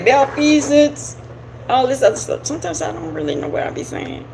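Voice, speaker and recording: With a high, brisk voice full of big pitch swings and vocal fry, a woman hosting a live stream chats informally about spirituality, rambling and laughing as she goes. The camera recording is poor, with slight background noise.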